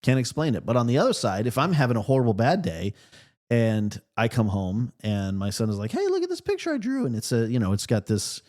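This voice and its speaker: A man's voice: lowish voice, a little fast, a little mellow. Rambling man, chatty podcast co-host. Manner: rambling, with many fillers and restarts. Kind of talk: casual chat. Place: podcast studio.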